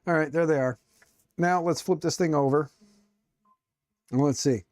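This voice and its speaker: A man's voice: a little high, moderate pace, no room sound, studio quality. A middle-aged man chatting casually on a live stream while tinkering, joking and muttering to himself as he works. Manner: joking, self-mocking, rambling. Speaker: streamer building a 3D printer.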